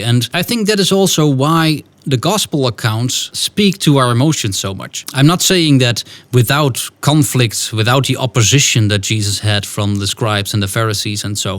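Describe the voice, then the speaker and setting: A man teaching storytelling with lively voices. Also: mid-range voice. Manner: animated, acts out scenes. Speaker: storytelling coach. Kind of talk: podcast writing lesson.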